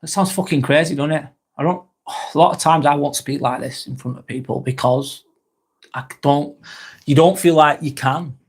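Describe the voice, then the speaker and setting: A man's voice: fairly high pitch, fairly even intonation, normal speed, slightly rough. A British man hosting a live vlog, chatting casually and reading out viewer comments, rambling onto tangents and swearing freely. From Britain.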